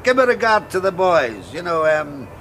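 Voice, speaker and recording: Pompous high-voiced man. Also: big pitch swings, moderate pace, fairly bright tone, soft background music. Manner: pompous, theatrical, mock-refined. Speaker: by-election candidate. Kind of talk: sitcom acting.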